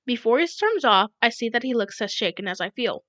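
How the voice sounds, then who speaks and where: A woman reading a novel aloud in first person, with unhurried narration in a dull lo-fi recording. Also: on the high side, lively intonation, fairly bright tone, no room sound. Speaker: audiobook reader.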